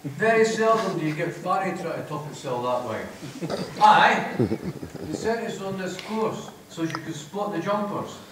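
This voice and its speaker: A man's voice: high-pitched, very animated, unhurried, noisy background. A middle-aged man with a Scottish accent reading his crude comic first-person fiction live on a theatre stage, broad, sweary and wry in dialect. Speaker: author reading aloud. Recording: echoey theatre from a distance.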